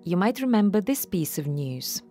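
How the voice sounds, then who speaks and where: A woman hosting a news podcast, narrating in a measured, explanatory way. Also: mid-range voice, very animated, warm tone, soft background music. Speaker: podcast host. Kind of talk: scripted narration.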